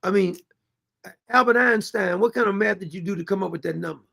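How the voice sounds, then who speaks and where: A man's voice: sits high, a little fast, vocal fry, pushed and bright. A man hosting a commentary show, reacting to clips with sarcastic, exasperated mockery and reading viewer comments aloud.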